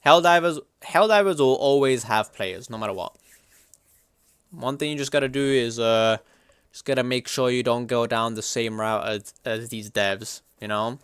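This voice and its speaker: A young man livestreaming, chatting casually and reacting to chat in a slangy, animated way. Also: mid-range voice, normal speed, smooth, no room sound, clean studio sound.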